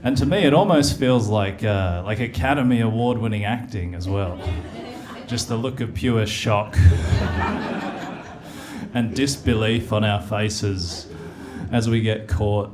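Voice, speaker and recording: A man's voice: lowish voice, measured pace, noisy background. A male stand-up comedian telling a story on a comedy club stage.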